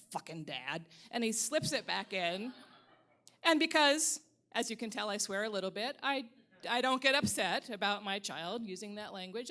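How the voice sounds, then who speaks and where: A woman's voice: mid-range voice, fairly bright tone. A middle-aged woman from the Upper Midwest, telling a personal story at a live storytelling event in a wry, candid way and swearing freely.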